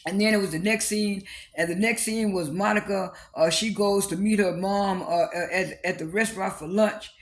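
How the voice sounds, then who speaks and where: A man recapping a reality TV episode in a casual, halting way, with lots of fillers and repeated restarts. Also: steady tone. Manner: briefly acts out quoted cast lines with raised pitch.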